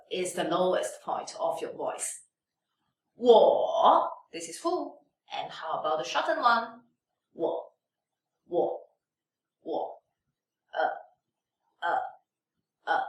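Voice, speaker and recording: A woman's voice: fairly high pitch, fairly bright tone. A woman teaching pronunciation as a language teacher, drawing out each tone as she demonstrates it. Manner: drawn-out demonstrations of tones. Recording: echoey room, mic at a distance.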